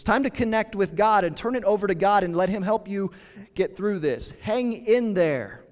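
High-voiced man preaching in a reverberant hall. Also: expressive. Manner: earnest, conversational preaching with dramatic pauses. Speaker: pastor. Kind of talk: sermon.

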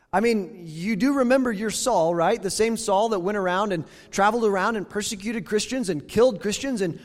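High-voiced preacher in a reverberant hall. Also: male voice. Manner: conversational preaching, reads scripture aloud with emphasis. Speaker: pastor. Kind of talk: sermon.

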